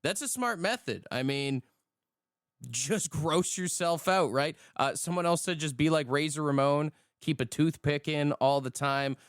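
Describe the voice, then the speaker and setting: A man's voice: on the high side, moderate pace, hardly any pauses, clean tone, no echo, studio quality. A man hosting a morning radio show, chatting casually and joking with callers. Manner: joking, laid-back banter.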